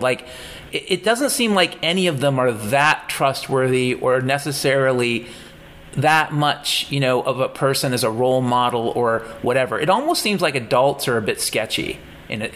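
Guy rambling thoughtfully, lots of ums, middle-pitched ordinary voice. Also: a bit bright. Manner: hesitant, many restarts and fillers. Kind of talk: casual chat.

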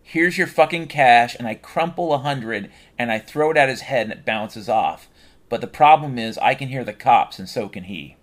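A man telling a rambling comic story, swearing constantly and tossing in deadpan asides. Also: medium pitch, normal speed, slight background noise. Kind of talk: comedic rambling monologue.

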